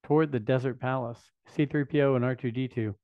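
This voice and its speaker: A man's voice: medium pitch, steady tone, a little fast, no echo. Chatty man unboxing, dry dull sound. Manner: enthusiastic, chatty fan talk with thinking-aloud asides. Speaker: vlog host. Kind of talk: casual unboxing chat.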